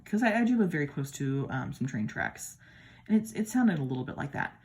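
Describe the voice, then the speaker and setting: A Midwestern American woman with a lowish, dark, sing-song voice talks briskly as she compares tarot decks at home. She's chatty and admiring, reviewing the decks casually with playful asides.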